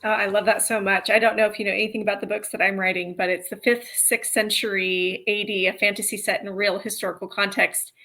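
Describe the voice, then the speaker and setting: A woman hosting an interview, chatting enthusiastically with quick bursts of speech. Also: mid-range voice, level tone, pushed and bright. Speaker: podcast host and author. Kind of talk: casual interview chat.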